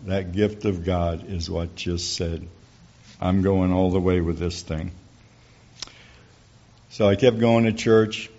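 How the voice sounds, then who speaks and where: Low-voiced man telling a church testimony. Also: darkish tone. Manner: folksy storytelling, acts out quoted dialogue. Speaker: church speaker giving a testimony. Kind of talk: testimony talk to a church audience. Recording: dull lo-fi recording.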